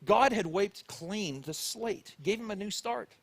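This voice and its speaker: A man's voice: sits high, a little slow, vocal fry, dry recording. A man with a Canadian accent preaching a sermon, telling a personal story and acting out his own thoughts and the people he quotes. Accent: Canadian English. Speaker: pastor.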